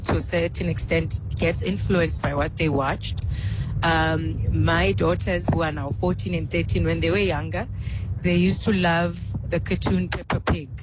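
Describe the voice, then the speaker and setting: A woman in her forties calling in to a radio show, speaking in a measured way. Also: lowish voice, fairly even intonation, music in the background, low-quality recording. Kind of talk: casual radio call-in chat.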